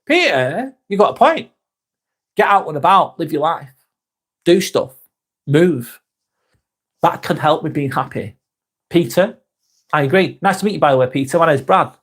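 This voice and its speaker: A man in his forties hosts a live stream with a fairly high voice for a man. He answers viewers' comments in a relaxed, easygoing way, swears freely and calls people mate. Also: normal speed, pauses often. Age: 40s.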